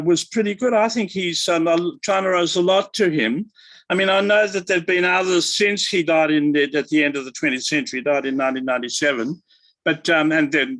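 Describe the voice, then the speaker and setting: An older male academic answering interview questions in a halting, thoughtful way, with many fillers and restarts. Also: on the high side, a bit bright, no room sound, low-quality recording. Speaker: guest academic.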